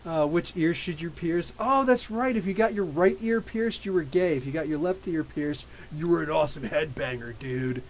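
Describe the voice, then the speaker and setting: Man, podcast host, rambling animated storyteller, slightly high voice, faint hiss. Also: moderate pace, hardly any pauses, poor audio. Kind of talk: casual live chat reading viewer questions.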